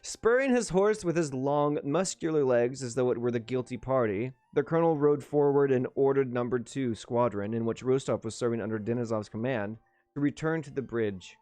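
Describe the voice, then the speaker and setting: Male livestream reader, mid pitch, dry close sound, plain narration with chatty asides. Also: normal speed, a little mellow, no room sound. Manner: casual asides to chat, small restarts. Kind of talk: reading a novel aloud with chat asides.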